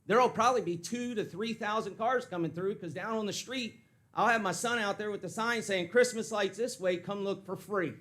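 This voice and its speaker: A man's voice: high-pitched, normal speed, a bit bright. A man giving a heated, blunt public comment at a county meeting. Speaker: citizen speaking at public comment. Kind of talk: angry public comment speech.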